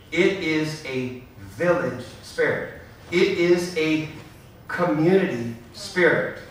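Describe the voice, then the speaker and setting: A man giving a passionate, emphatic stage talk to bartenders at a trade show, swinging from low asides to loud outbursts. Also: far from the mic, a little hiss or hum. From Norway. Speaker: speaker at a bar show. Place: large hall at a trade show. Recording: echoey hall, speaker away from mic.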